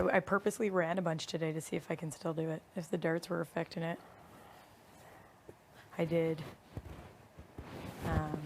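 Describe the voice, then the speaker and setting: Woman, low and gravelly, casual reality-house chat, laughs a lot, faint hiss. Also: darkish tone. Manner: laughs often, chatty and loose.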